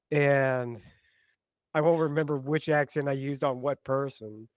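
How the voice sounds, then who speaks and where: A man's voice: fairly high pitch, unhurried, dry recording. A man co-hosting a podcast, chatting casually and dropping dry jokes. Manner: joking, deadpan quips. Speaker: podcast co-host.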